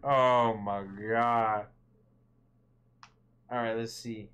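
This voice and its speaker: A man's voice: medium pitch, little pitch movement, very slow, a bit bright, clear, resonant tone. A man giving casual, joking commentary while playing a video game, chatting slangily to the characters on screen. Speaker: gaming video creator. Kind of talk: casual let's-play commentary.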